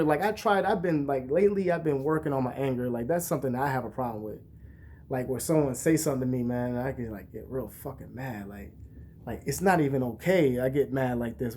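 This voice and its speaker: A young man vlogging, talking in a casual, profane, rambling way and telling stories with animated bursts. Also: medium pitch, fairly quick, slight background noise. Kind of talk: casual monologue to camera.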